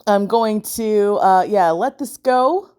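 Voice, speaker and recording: A woman's voice: medium pitch, slow, darkish tone, clean tone. A woman casually commentating her own video game battles, chatty and often unsure, thinking aloud with fillers. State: sleepy, yawning. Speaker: gaming channel host.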